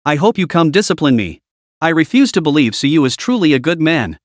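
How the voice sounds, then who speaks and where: A man's voice: fairly high pitch, sing-song, brisk, no echo, clean studio sound. A man voicing an agitated, distrustful male laborer who talks in a heated, bitter way.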